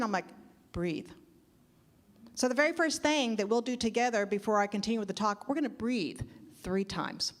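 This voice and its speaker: A middle-aged woman minister giving a conversational sermon in a church, often asking the audience questions. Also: fairly high pitch. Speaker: guest minister. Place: church sanctuary.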